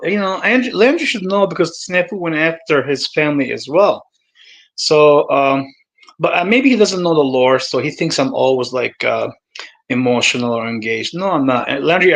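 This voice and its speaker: A man hosting a livestream, talking casually and addressing viewers by name, swinging between calm and heated with lots of fillers and some swearing. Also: mid-range voice, poor audio. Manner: many fillers and restarts, swears. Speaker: livestream host.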